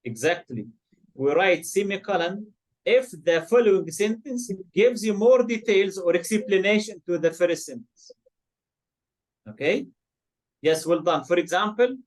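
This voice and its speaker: A male teacher with an Arabic accent runs an online English lesson. His voice sits a little high for a man, and he keeps prompting students with questions. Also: expressive, moderate pace.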